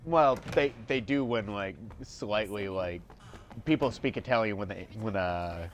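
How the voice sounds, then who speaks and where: A man in casual chat, halting and trailing off mid-sentence. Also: lowish voice, a little hiss or hum.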